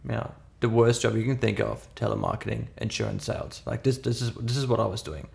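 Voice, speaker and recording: This podcast co-host, a man in his thirties speaking English with a foreign accent, recounts a story in casual conversation with emphasis and frequent restarts. His voice sits on the low side, creaky and darkish, a little fast.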